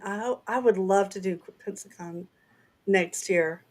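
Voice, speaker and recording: A woman's voice: lowish voice, steady tone, moderate pace. A middle-aged woman with a Southern accent, co-hosting a casual chat and laughing often. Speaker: author and co-host.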